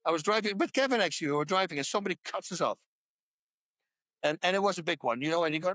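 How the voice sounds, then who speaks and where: Emphatic high-voiced man, dry sound. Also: lively intonation, fast talker, a bit bright, dry recording. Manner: emphatic, repeats points to hammer them home. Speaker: podcast guest. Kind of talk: casual interview talk about faith.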